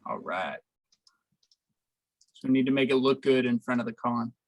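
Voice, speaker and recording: A man's voice: mid-range voice, animated, normal speed, no room sound. A man playing a tabletop game, talking casually and wryly. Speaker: player.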